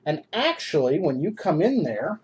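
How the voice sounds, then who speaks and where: A man's voice: a little high, big pitch swings, moderate pace, a little hiss or hum. A man narrating as game master of a tabletop game, describing scenes to his players.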